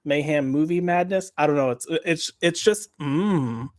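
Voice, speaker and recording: A man's voice: a little high, unhurried, darkish tone, dry recording. Jokey male podcast host, dry sound. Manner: joking, reads chat names aloud. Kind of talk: casual chat.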